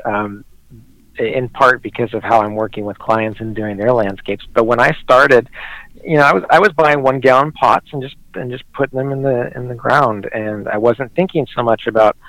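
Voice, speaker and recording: A man's voice: medium pitch, fairly even intonation, normal speed, a bit bright, no room sound, rough recording. A middle-aged man talking casually and eagerly as a podcast guest about his gardening, often restarting his words. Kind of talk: casual conversation.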